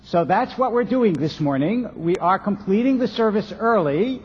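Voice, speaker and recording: A man giving a sermon as a rabbi, telling stories in a measured way with rhetorical questions, recorded on dull lo-fi sound in a reverberant synagogue. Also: high-pitched, expressive, a little mellow, slight background noise. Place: synagogue sanctuary.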